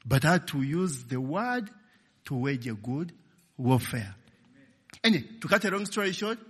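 A man's voice: high voice, measured pace, breathy edge. A middle-aged Ugandan man preaching a sermon with personal stories, checking in with the congregation with "okay?" and "eh?". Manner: animated, calls "okay?" and "eh?" to the audience. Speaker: pastor. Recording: long echo of a large hall.

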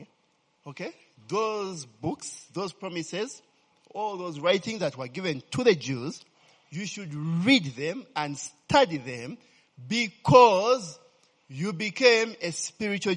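Husky preacher in a reverberant hall. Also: male voice, sits high, big pitch swings, takes it slowly. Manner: peppers talk with "eh?" and "okay?" checks to the congregation; asks the crowd questions and fills in his own answers. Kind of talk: humorous conversational sermon.

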